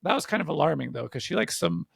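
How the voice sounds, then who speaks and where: A man with a gravelly, husky voice chats as a podcast co-host, full of jokes and laughter. His pitch sits a bit high and swings a lot as he talks. The close mic sounds dry, with no room around him. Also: lively intonation, quick pace, no echo. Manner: playful, joking, laughs often. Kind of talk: casual chat.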